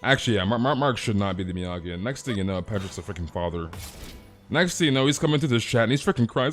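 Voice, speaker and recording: A man's voice: animated, fast talker, soft background music. A man streaming a game, chatting casually and rambling with repeated words. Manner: rambling, repetitive, trails off low.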